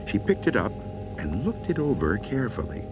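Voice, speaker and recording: A man reading a spooky folk story aloud with unhurried, expressive delivery. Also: fairly low pitch, over music.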